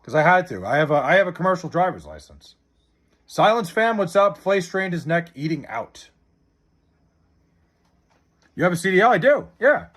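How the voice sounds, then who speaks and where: A man's voice: sits high, sing-song, normal speed, pauses often, a bit bright. A young man streaming live, chatting casually and bluntly with his chat, swearing a lot as he answers their questions.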